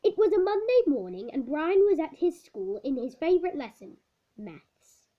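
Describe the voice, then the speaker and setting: A woman with a high, sing-song voice reads a children's book aloud at normal speed, stumbling over words and correcting herself. The recording is dull and lo-fi.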